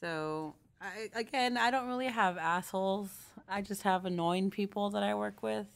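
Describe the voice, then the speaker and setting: A woman's voice: medium pitch, normal speed, gravelly, clean tone. A woman co-hosting a casual podcast, bluntly complaining about an annoying coworker in a matter-of-fact way. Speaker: podcast co-host. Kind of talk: casual chat.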